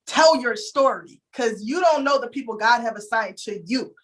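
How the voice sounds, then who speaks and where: A woman's voice: fairly high pitch, animated, moderate pace. A young adult woman from Houston, telling her story candidly and with emotion in a casual interview. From Houston, Texas. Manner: emotional, candid, addresses listeners as "y'all".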